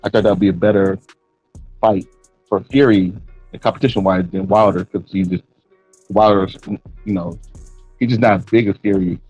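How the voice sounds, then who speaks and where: Husky, low man on a dull dry mic. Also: fairly even intonation, normal speed, long pauses, darkish tone, dry recording, faint music behind. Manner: hesitant, rambling, many restarts. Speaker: boxing podcast co-host. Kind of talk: casual fight-talk chat.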